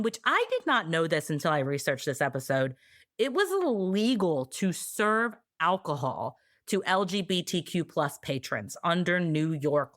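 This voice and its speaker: A woman co-hosting a podcast, telling history in a casual, sarcastic, animated way. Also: fairly low pitch, dry recording, studio quality. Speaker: podcast co-host.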